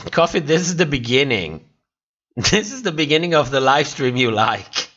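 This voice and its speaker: A man's voice: mid-range voice, big pitch swings, a little slow, fairly bright tone, husky, muffled recording. A tired man hosting a livestream, casually chatting and reacting to viewers' comments while laughing often. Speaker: livestream host. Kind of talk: casual chat reading live comments.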